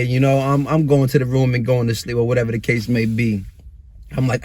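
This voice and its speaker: A man in his thirties casually telling a long personal story to camera, animated and slangy, swinging between excitement and regret. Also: medium pitch, brisk.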